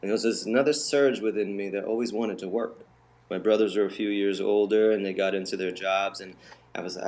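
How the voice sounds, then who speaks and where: A man's voice: on the low side, a little fast. A man telling his life story as an interview guest, acting out the voices of the people in it. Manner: animated, acts out quoted voices. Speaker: interview guest, bodywork healer. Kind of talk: storytelling in conversation.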